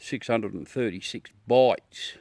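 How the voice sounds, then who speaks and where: An Australian livestream host with a mellow, mid-range voice speaks at a measured pace, chatting casually with viewers in a blunt, ranty style full of free swearing. The recording is dry.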